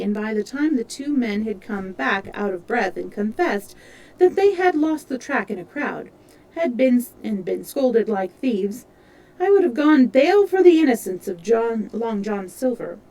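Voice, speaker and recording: A woman reading a classic adventure novel aloud as a live storyteller, steady with small slips she corrects. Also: on the high side, normal speed, recorded from a distance, poor audio.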